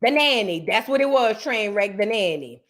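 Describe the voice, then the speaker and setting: A woman's voice: medium pitch, animated, moderate pace, a bit bright. A woman with a Southern US accent, hosting a casual reaction show and chatting straight to her viewers. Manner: chatty, addresses viewers as y'all. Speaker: host.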